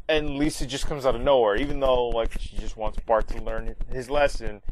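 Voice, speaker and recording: A man's voice: medium pitch, moderate pace, hardly any pauses, a little hiss or hum, low-quality recording. Rambling man recapping an episode. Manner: rambling, heavy with fillers. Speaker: podcast host recapping an episode.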